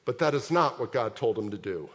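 A man preaching a sermon as pastor, telling the story in a lively way and asking his congregation question after question. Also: medium pitch, a little fast. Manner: animated storytelling with rhetorical questions. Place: large church sanctuary. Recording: long hall reverb.

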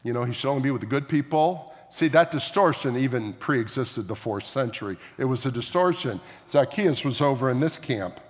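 A man's voice: medium pitch, expressive, moderate pace, hardly any pauses. A man preaching a sermon as a pastor, talking through scripture in a conversational way, with frequent asides and questions to the listeners. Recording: long hall reverb.

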